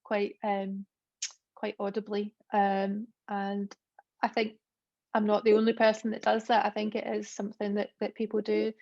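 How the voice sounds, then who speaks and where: A woman's voice: mid-range voice, monotone, moderate pace, a little mellow. A woman, an author talking about her novel at a book launch in a chatty way, with frequent fillers. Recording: dull lo-fi dry recording.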